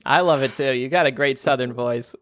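A man's voice: medium pitch, brisk, fairly bright tone, no echo, clean studio sound. A man co-hosting a comedy podcast, laid-back and laughing often, with wry asides. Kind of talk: casual comedy chat.

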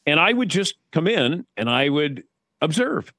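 A man's voice: a little high, sing-song, a little slow, vocal fry, pushed and bright, no room sound. Wry storytelling man on a dry studio mic. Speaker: guest sportscaster. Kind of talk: casual chat.

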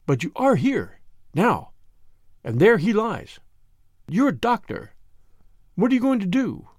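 A desperate, tremulous woman, as a male reader puts her on pleads urgently with a former lover in an audiobook. The voice sits high and swings widely in pitch. The recording is close and dry. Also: big pitch swings, a little slow, no echo, exaggerated voice. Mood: pleading. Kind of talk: audiobook reading.

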